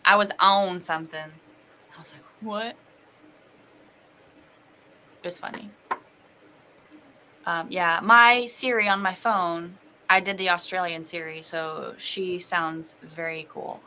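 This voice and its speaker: Chatty, bright woman co-host. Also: on the low side, fairly even intonation, normal speed, a little hiss or hum. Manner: chatty and playful. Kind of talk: casual live-stream chat.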